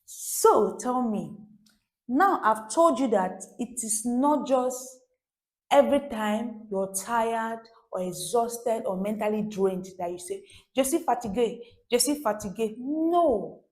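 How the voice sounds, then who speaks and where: A woman leads a beginner French lesson at an unhurried pace, her voice mellow and warm. She keeps repeating phrases and checking in with her viewers through rhetorical questions. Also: fairly high pitch, lively intonation. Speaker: French teacher.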